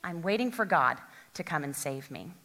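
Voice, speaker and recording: A woman's voice: deep voice, lively intonation, moderate pace, bright, forceful tone, voice pushed down, full character voice. A woman voicing a stubborn man stranded on a flooded roof, politely and insistently refusing help. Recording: long hall reverb.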